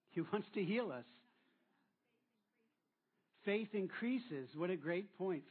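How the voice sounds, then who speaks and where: A man's voice: a little high, breathy edge. A man preaching a sermon as pastor, drawing answers from the congregation and repeating them back with encouragement. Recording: tinny phone-like sound.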